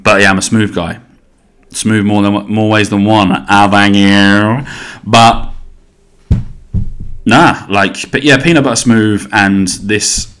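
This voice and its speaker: A man in his thirties hosts a solo podcast, his voice fairly low with a fairly bright tone. He rambles casually, swears as he goes, and keeps interrupting himself.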